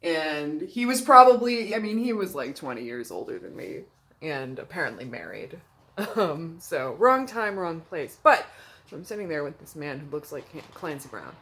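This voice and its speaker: A woman's voice: deep voice, very animated, normal speed, a bit bright. Candid, chatty young woman vlogging. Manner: chatty, candid, laughs often, acts out quotes. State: hungover. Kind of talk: casual confessional vlog. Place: at home.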